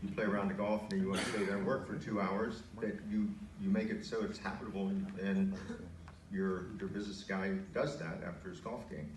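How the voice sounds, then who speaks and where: A man's voice: low-pitched, steady tone, brisk. A man speaking on a conference panel in a conversational, anecdotal way. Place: large conference hall. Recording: echoey hall from far off, faint noise.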